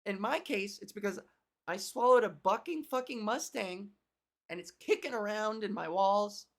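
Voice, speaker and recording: A woman's voice: medium pitch, lively intonation, normal speed. A woman comedian hosting her own podcast, with a cracky voice, rambling and swearing in casual, self-deprecating chat. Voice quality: cracky, gravelly voice.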